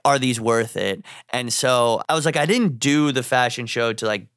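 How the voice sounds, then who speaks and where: A young man recounts a story in casual conversation, animated and quick to act out the people in it. His voice is mid-pitched and the sound is close and dry. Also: no room sound. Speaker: fashion designer guest.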